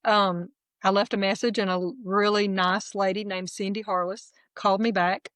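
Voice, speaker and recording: A woman's voice: mid-range voice, normal speed, no room sound. Candid woman telling her story. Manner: lively, candid, self-deprecating storyteller. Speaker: guest sharing her testimony. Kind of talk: personal testimony storytelling.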